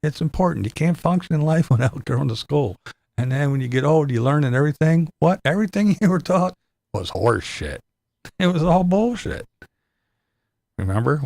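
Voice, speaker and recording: A man's voice: medium pitch, creaky, darkish tone, no room sound. An older man with grandkids, cursing and laughing through a sarcastic rant in his vlog. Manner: profane, sarcastic, laughing often. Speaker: vlogger. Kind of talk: ranting monologue.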